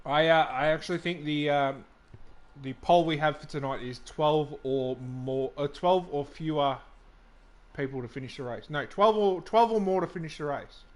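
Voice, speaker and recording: A man's voice: a little high, moderate pace. A man hosting a live racing game stream, chatting casually and joking with his co-host, with loose restarts.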